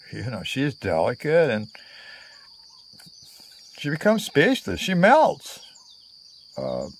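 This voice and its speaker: Slow, rambling male storyteller. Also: on the low side, a little hiss or hum. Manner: meandering, full of fillers and asides. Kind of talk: casual spoken storytelling.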